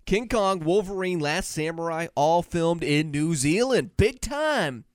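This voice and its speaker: A man's voice: fairly high pitch, unhurried, clear, resonant tone, no echo. A man hosting a casual comedy podcast, teasing his co-host and rattling off fun facts.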